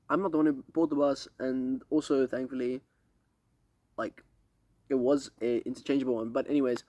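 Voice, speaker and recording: A man's voice: medium pitch, mellow, no echo. Rambling young man vlogging outdoors. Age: young adult. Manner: rambling, slangy, swears casually. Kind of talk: casual vlog update. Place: outdoors on a lake dock at night. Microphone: camera set up a few steps away.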